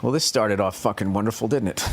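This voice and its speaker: A man's voice: fairly low pitch, a little hiss or hum. A man hosting a podcast, delivering a profane, sarcastic comedic rant monologue. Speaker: podcast host.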